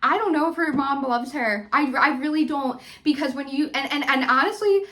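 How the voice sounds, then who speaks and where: A woman's voice: sits high, moderate pace, bright, forceful tone. A young woman recapping a reality TV episode in a casual, heated vlog, full of "like" and "you know" as she rants. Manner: heated, ranting, many fillers like "like" and "you know". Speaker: recap vlogger.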